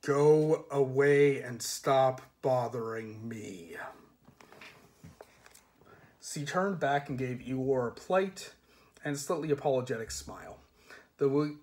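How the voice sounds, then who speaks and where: A man reading a comic fantasy novel aloud in a measured, dry storytelling manner. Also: medium pitch. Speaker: reader.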